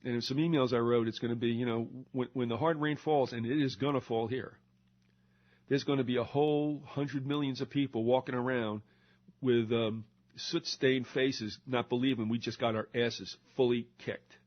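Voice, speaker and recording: A man's voice: medium pitch, steady tone, moderate pace. Older guy ranting on his show, mocking, sarcastic, kinda muffled lo-fi sound. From United States. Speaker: radio show host. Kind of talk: ranting monologue. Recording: slightly dull lo-fi recording.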